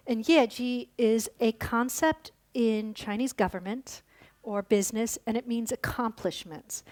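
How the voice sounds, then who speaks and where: A woman's voice: fairly high pitch, darkish tone. A woman giving a conference lecture, telling a story and then explaining it, with fillers and restarts. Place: lecture hall.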